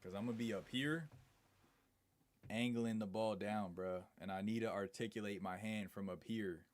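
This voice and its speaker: Laid-back slangy man, lowish voice. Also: normal speed, no echo. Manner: slangy, laid-back, reads chat aloud and answers it. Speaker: live streamer. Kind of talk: casual live stream chat.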